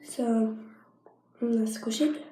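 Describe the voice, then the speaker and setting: A woman's voice: a little high, steady tone, slow pace, mellow, a little hiss or hum. Sick, coughing teen girl vlogging. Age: teens. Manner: chatty, rambling, with frequent coughs and likes. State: sick with a cough and sinus infection. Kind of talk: casual show-and-tell vlog. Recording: echoey room.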